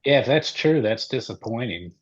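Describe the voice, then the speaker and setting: A man's voice: medium pitch, lively intonation, muffled recording. A man in a casual podcast chat, answering hesitantly with several restarts. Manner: hesitant, measured, many restarts.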